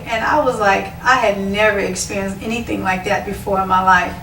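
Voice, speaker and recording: A woman telling a personal testimony to camera, animated and storytelling, with excited outbursts when she quotes herself. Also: fairly high pitch, normal speed, a little hiss or hum. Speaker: dance minister sharing a testimony. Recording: echoey room from far off with faint ambience.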